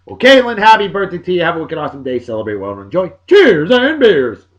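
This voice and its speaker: Animated jokey man. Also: on the high side, very fast. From Massachusetts, USA. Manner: jokey, animated, swinging between loud bursts and mumbled asides. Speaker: video blog host. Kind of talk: casual birthday shout-outs.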